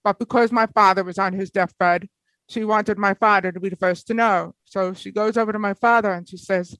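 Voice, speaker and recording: A woman as an interview guest, telling personal stories in an animated, lively way with frequent laughs. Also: medium pitch, moderate pace, no room sound, low-quality recording. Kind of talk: personal storytelling in conversation.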